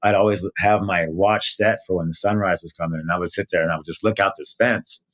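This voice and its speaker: Man, low voice, earnest, animated storyteller, lots of fillers, emotional. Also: quick pace. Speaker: guest. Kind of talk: casual interview talk.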